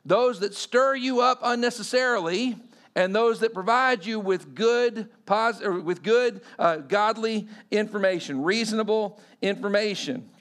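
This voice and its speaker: High-voiced man preaching conversationally. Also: a bit bright. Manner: conversational, quizzes the audience. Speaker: pastor. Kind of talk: sermon.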